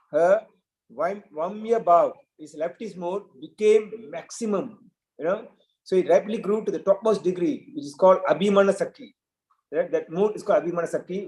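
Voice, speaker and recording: A man's voice: high voice, darkish tone, roomy sound, low-quality recording. A man giving a devotional scripture talk, retelling a story and often checking in with "right?". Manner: storytelling with frequent "right?" asides. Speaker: preacher.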